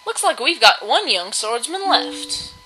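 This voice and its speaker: A woman's voice: high-pitched, big pitch swings, measured pace, bright, forceful tone, soft background music, full character voice, rough recording. A woman voicing a bold, motherly middle-aged barkeep with a Southern drawl who calls people honey.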